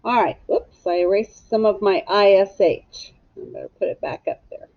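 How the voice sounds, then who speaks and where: A woman's voice: medium pitch, normal speed, gravelly, dry recording, lo-fi sound. A woman teacher giving a phonics lesson to young children, patiently sounding out and spelling each word.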